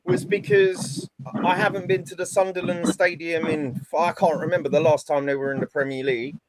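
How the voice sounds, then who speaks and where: A man with a high voice, talking football in an animated, sweary way and tossing in mate and bro. Crowd noise hums clearly behind him. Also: fairly quick, low-quality recording. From London. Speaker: football fan panelist.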